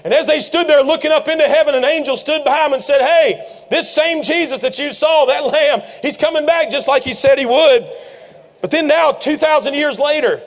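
A man preaching a sermon, retelling scenes with rising passion and frequent shouts. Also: very high voice, normal speed. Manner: impassioned storytelling preacher, often shouting.

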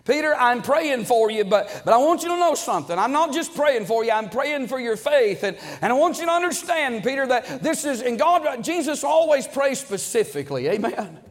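A man's voice: very high voice, animated, brisk, hardly any pauses. A middle-aged man preaching a sermon to a congregation, repeating words and calling out amen. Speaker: pastor. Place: church sanctuary. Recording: long echo of a large hall.

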